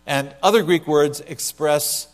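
A man delivering a sermon in a slightly high voice, swinging from loud, emphatic emphasis down to quiet, hushed lines. A faint electrical hum sits under the recording. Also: a little slow. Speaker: pastor.

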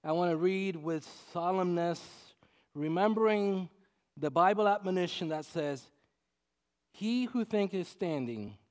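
A middle-aged man from Puerto Rico, a pastor preaching a sermon with humorous storytelling, swinging between loud and soft as he acts out quotes. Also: sits high, lively intonation, a little slow.

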